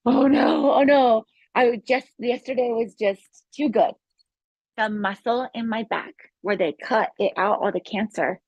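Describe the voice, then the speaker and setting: A woman who is a yoga instructor tells her healing story in a casual, excited, rambling way, with many restarts. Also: medium pitch, breathy edge, no room sound. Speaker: guest sharing a healing testimony. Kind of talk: casual spoken testimony.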